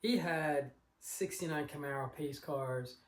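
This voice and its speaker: A man's voice: a little high, a little slow. Rambling storyteller man in an echoey room. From Long Island. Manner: rambling, anecdotal, acts out the other people in his story. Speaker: car collector vlogger. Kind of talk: casual storytelling.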